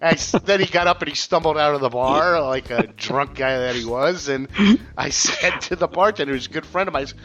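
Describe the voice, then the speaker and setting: A man's voice: fairly high pitch, a little fast, fairly bright tone. A man co-hosting a casual podcast chat, a comedian who tells self-deprecating stories with a joking manner. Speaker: co-host, comedian. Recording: dull lo-fi audio with faint music.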